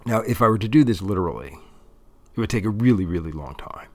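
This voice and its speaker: A man's voice: lowish voice, expressive, fast talker, darkish tone, no room sound. A man explaining a plan at length in a casual, rambling way with many restarts. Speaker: interviewer recording a monologue.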